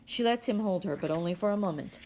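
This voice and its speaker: A woman reading a novel aloud in a steady, plain manner. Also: medium pitch, quick pace, slight background noise. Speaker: audiobook reader.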